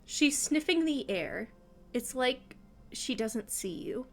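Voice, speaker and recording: A woman's voice: high voice, animated, takes it slowly, soft background music. A woman game master casually narrating a tabletop game, swearing and using lots of fillers.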